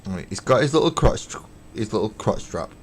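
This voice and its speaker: Easygoing male streamer, lowish voice, self-deprecating and a bit sweary, narrating his hobby work live. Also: lively intonation, normal speed, a little hiss or hum. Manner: chatty and self-mocking, counts parts aloud, swears casually. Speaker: streamer building miniatures. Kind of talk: casual live-stream chat while working. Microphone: webcam stream.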